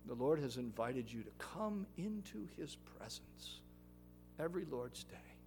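A male pastor preaching a sermon in an earnest voice, rising louder and higher on his exhortations, then closing in prayer. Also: big pitch swings, measured pace, gravelly, faint music behind.

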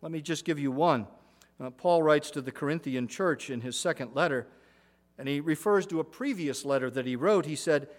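Middle-aged male preacher, earnest sermon delivery, a touch higher-pitched, phrases trail off softly. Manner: earnest, measured preaching with falling, softened phrase endings; repeats words and restarts with uh.

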